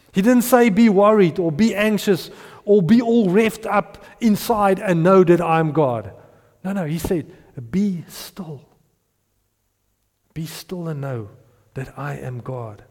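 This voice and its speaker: A middle-aged South African man, Afrikaans by birth, preaches in a fairly high, animated voice. He stumbles over repeated words and chuckles between points. His voice carries with a long reverb through a large hall. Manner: animated, repeats himself, laughs between points, drops to hushed tones. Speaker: pastor. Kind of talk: sermon.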